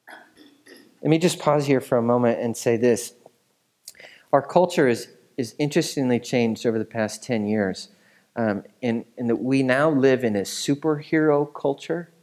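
A man's voice: medium pitch, unhurried, darkish tone. Casual, conversational male pastor. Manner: casual, conversational teaching with fillers and asides. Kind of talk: sermon.

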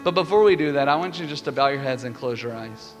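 A man preaching a sermon as pastor, telling stories with lively energy and building to fervent peaks. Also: mid-range voice, fast. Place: church sanctuary. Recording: reverberant hall with music behind.

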